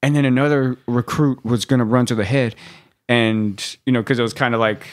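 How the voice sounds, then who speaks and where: A man's voice: medium pitch, fairly even intonation, a little fast. Laughing, profane male podcast storyteller. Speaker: podcast co-host. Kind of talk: casual storytelling chat.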